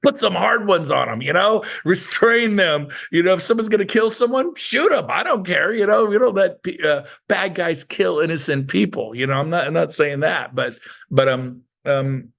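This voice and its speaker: A man with a gravelly, fry-edged voice pitched a touch high, coaching an online group. He talks in an animated way, throwing questions to the chat and acting out the people he quotes. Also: normal speed. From Sacramento area, US. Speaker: real estate coach. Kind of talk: motivational training talk to online group.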